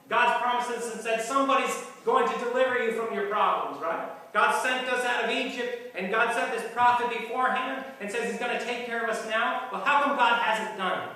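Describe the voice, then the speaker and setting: A man's voice: very high voice, bright, forceful tone. A man preaching a sermon, folksy and questioning his listeners as he teaches. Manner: asks the audience questions, folksy. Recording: echoey hall from far off.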